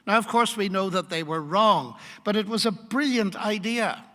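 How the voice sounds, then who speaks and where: An older man giving a public lecture, laying out his argument in an emphatic, measured way. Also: sits high, animated, a bit bright. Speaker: guest lecturer. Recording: echoey hall.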